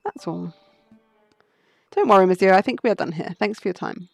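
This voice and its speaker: A woman voicing a sharp male falcon defense attorney who talks in a brisk, commanding way. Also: medium pitch, lively intonation, vocal fry, no echo, faint music behind. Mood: polite.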